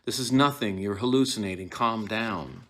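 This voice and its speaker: A man voicing Lady Macbeth in modern words, scolding her husband in a raised, hurried voice. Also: on the low side, a bit bright, a little hiss or hum, lightly acted. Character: Lady Macbeth, exasperated scheming queen.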